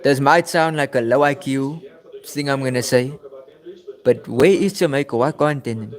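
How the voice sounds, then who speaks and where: A young man with a South African accent chats loosely on a live football watchalong stream. He talks back to his viewers by name and repeats his phrases as he reads the chat. His voice sits at an ordinary middle pitch. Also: moderate pace. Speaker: livestream watchalong host. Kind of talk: casual livestream chat reading chat messages.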